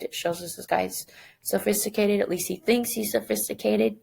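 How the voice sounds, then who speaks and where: A woman's voice: mid-range voice, level tone, normal speed, vocal fry, darkish tone, breathy edge. A woman teacher giving a recorded lesson, chatty and self-deprecating, thinking aloud as she goes.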